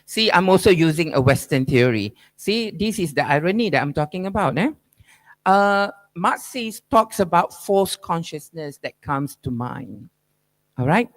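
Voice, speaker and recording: A man delivers an academic keynote at a measured pace, his fairly high voice full of lively intonation. Rhetorical questions and tagged-on "right?"s carry his probing, emphatic argument.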